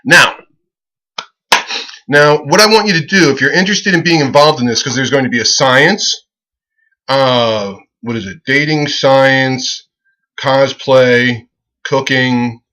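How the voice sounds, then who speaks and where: A comedian rambling casually as he pitches a website, profane and excitable, who keeps breaking into laughter at his own jokes. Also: takes it slowly, long pauses, low-quality recording. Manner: profane, excitable, loose storytelling.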